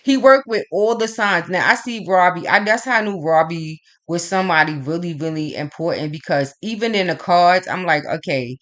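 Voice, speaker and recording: A woman's voice: lowish voice, moderate pace, hardly any pauses. A woman who reads astrology and tarot, talking in a casual monologue. She tells stories in a rambling, profane way and keeps acting out both sides of old arguments with emphasis. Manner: animated, profane, rambling storytelling; emphatic back-and-forth retelling of arguments.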